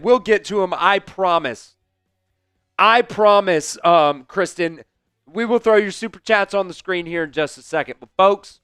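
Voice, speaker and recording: A hoarse man, hosting a fan livestream of a football game, calling plays, shouting and chanting in excitement. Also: high-pitched, dry recording. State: hoarse, voice worn out. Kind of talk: live fan play-by-play watch-along.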